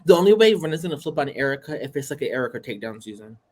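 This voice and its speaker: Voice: medium pitch, very animated, rapid-fire, slightly rough. A co-host on a casual reality TV recap podcast, blunt and opinionated, swearing freely.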